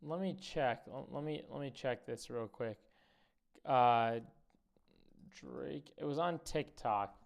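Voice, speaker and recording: A man's voice: medium pitch, slow, vocal fry. A man streaming reactions to clips, thinking aloud in an offhand, casual way.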